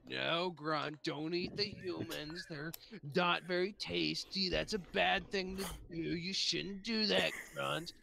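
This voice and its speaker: A man voicing a big, hungry, crude male ogre who runs a tavern, with gruff, blunt talk and casual swearing. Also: high voice, steady tone, slow, hardly any pauses, crowd noise, pitched above the performer's own voice, exaggerated voice. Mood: whiny.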